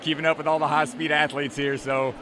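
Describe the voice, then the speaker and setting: A man giving energetic live sports commentary and interviewing an athlete. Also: on the high side, a little fast, a little hiss or hum. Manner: energetic, hype.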